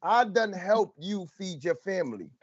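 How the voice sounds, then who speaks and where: A man on a live stream who talks excitedly, stammers and cuts in on others. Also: sits high, unhurried, crowd noise. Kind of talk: casual live stream talk. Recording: dull lo-fi stream audio.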